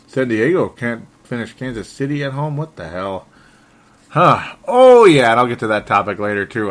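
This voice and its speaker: A man hosts a solo sports talk show, sounding frustrated as he rambles, often correcting himself and chuckling. His voice is lowish with a fairly bright tone.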